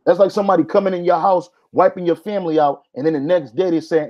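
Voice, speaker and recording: A man's voice: sits high, fairly even intonation, fast, hardly any pauses. Emphatic man preaching, dull lo-fi sound. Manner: emphatic, says "man" often. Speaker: Bible teacher. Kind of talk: religious teaching talk. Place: Hawaii.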